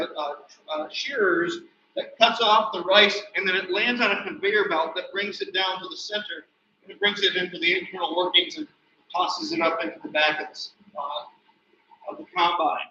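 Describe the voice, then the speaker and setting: A man giving a chatty, animated slide show talk about a birding trip. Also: high voice, normal speed, noisy background. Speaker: presenter. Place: nature center hall. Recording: roomy, distant, dull livestream audio.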